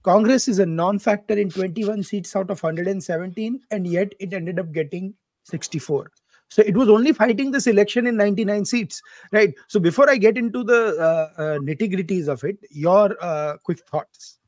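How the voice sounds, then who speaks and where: A man hosts a casual political podcast in a fairly high voice. He walks through numbers chattily and tosses in joking asides. The sound is dry and close. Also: normal speed, a little mellow, dry recording. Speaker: podcast host.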